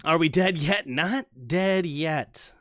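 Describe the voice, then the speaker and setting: A young man livestreams fan play-by-play of an American football game, calling each snap and chatting with viewers, switching animatedly and rapidly between the two. His voice is on the high side, recorded cleanly in studio quality with no room sound.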